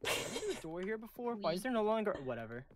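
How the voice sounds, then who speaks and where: A woman's voice: mid-range voice, very animated, quick pace, a little hiss or hum. A woman streaming a game, chatting casually and playfully reading characters' lines aloud.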